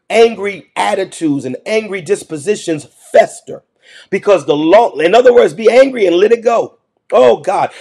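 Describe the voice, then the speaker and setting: A man's voice: sits high, a little mellow. A male pastor preaching a morning prayer sermon, emphatic and repeating key phrases for stress. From United States.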